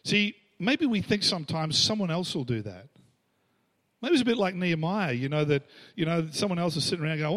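Animated Australian male pastor. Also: on the high side, a little fast. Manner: animated, acts out quoted voices, laughs between lines. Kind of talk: storytelling sermon.

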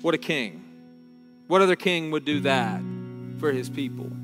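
A man preaching a sermon in an earnest, unhurried way, often stumbling over a phrase and starting again. His voice sits a little high for a man. It rings out with a long echo, and faint guitar plays underneath. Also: animated, fairly bright tone. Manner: earnest, halting restarts, slows down on key words. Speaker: pastor.

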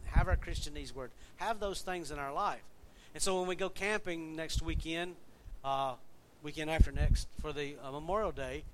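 Guy pastor giving a laid-back joking sermon, kinda high voice, faint rumble behind. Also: a bit bright. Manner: folksy, joking, chatty with congregation. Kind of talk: casual sermon. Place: church.

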